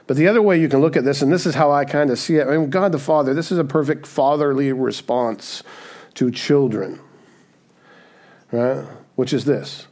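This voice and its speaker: Here the pastor talks a little fast, his medium-pitched voice somewhat dark. He preaches conversationally, tossing in "right?" often and acting out quoted voices on the side.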